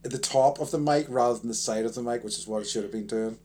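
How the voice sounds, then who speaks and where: A man's voice: mid-range voice, fast talker, warm tone. Rambling, laughing male podcast co-host. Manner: rambling, self-correcting, laughs often. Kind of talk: casual podcast chat.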